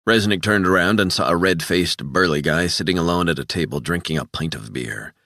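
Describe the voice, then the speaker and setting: A man reading an audiobook in measured, scripted narration. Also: low-pitched, pushed and bright, no echo, studio quality.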